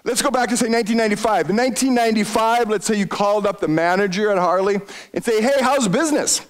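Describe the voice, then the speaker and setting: A man's voice: high voice, fairly even intonation, quick pace, smooth. A man giving an economics lecture, quizzing his audience with questions and answering them himself. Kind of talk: lively lecture to a retiree audience.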